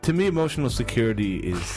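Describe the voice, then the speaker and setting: A man chats loosely and playfully, often drifting into mock-serious rambles. His pitch swings widely as he talks. A slow jam plays clearly behind him. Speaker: podcast co-host. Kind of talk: casual chat. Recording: music playing behind.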